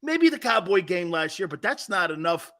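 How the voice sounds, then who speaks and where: A man's voice: sits high, sing-song, normal speed, pushed and bright. A man hosting a sports talk show, ranting with emphatic, combative opinions and repeating himself for emphasis.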